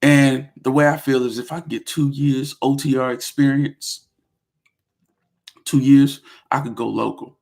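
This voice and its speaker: A man with a gravelly voice tells his story in a relaxed vlog chat. He talks with lively slang and animated turns. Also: mid-range voice, unhurried. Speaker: vlogger. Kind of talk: casual vlog talk.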